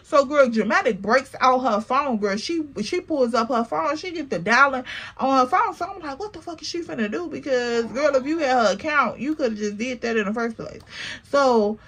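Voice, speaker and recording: A woman vlogger tells a story in a high, husky voice. She talks to her viewers in an animated, slangy, profane way. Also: normal speed. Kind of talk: casual storytelling.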